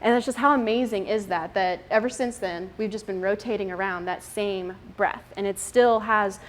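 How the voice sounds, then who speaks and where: Speaking to a group of mothers, this woman in her thirties keeps things chatty, with frequent laughter and lots of fillers. Her voice is medium-pitched and her pace moderate.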